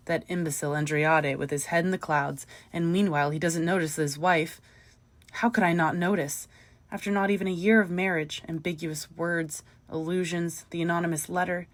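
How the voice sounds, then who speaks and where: Woman reading as grieving obsessive man, low voice, hushed brooding, storybook reading. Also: natural voice. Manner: brooding, dropping to near whisper. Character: feverish grieving middle-aged man, obsessive widower.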